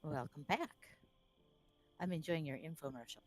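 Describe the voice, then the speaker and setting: A woman's voice: deep voice, normal speed, a little mellow. A woman with a Maine accent chatting bluntly while gaming, swearing and laughing easily. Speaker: co-player. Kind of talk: casual chat while gaming.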